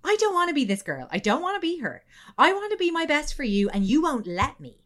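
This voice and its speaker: A woman's voice: medium pitch, very animated, moderate pace, a bit bright. A woman voicing a distraught young woman pleading during a breakup on a plane.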